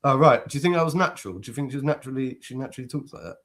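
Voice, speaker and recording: A man on a podcast panel, talking in a chatty, lively way and laughing easily. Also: mid-range voice, very fast. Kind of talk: casual panel discussion.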